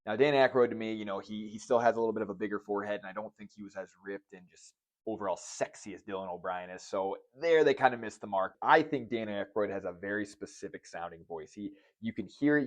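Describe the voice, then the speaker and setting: A man with a fairly low voice reviews movies in a loose, joking way, cursing freely as he goes. The recording sounds dull and a bit lo-fi. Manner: casual, profane, joking. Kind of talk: casual spoken review.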